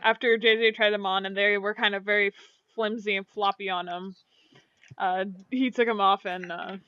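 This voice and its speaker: Woman, game master, halting, mid-pitched, dull lo-fi sound. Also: steady tone, sharp tone, clear, resonant tone, no room sound. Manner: halting, many fillers. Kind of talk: narrating a tabletop game.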